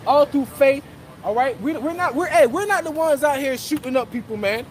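A man's voice: very high voice, expressive, normal speed. A man preaching on a street corner, fiery and profane, tagging his lines with "man" and "bro". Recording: street recording with crowd noise. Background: crowd and passing traffic.

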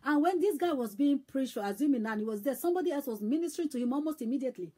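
A woman evangelist preaching in a high voice. She is emphatic and repeats herself, one moment loud and the next almost hushed. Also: lively intonation, rapid-fire. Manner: emphatic, repetitive, swings between loud and hushed. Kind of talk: sermon.

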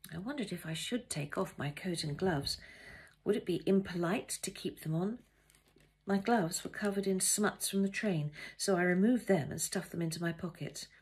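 A woman author reading her own novel aloud, gentle and intimate in the first person. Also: lowish voice, breathy edge. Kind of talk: storytelling read aloud.

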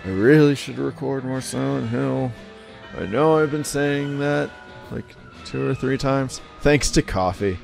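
A man's voice: medium pitch, unhurried, vocal fry, darkish tone. A man hosting a let's play, chatting casually and rambling over the game's closing credits. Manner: laid-back, rambling, mumbling asides. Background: game music.

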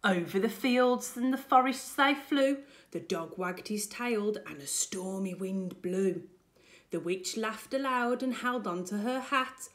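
In a home-recorded remote lesson video, a woman who teaches primary school reads a picture book aloud to children with an animated, expressive delivery. Her voice is a little high.

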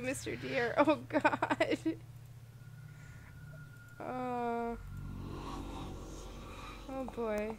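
A woman narrating a let's-play in an unhurried, fairly high voice. She reads game dialogue aloud with gentle reactions, over a noticeable background hiss. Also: steady tone, creaky. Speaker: gaming video host.

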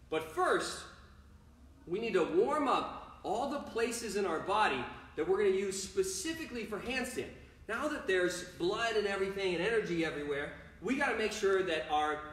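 A man's voice: sits high, fairly bright tone, heavy reverb. A man coaching a children's home gymnastics workout, upbeat and playful, talking straight to the kids watching. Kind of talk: kids' home workout lesson.

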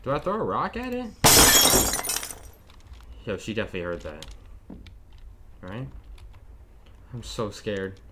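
A man's voice: fairly low pitch, huge pitch swings, normal speed, pauses often, fairly bright tone, a little hiss or hum. A young man nervously commenting to viewers while playing a horror game. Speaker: gaming streamer. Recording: keyboard and mouse clicks behind the voice.

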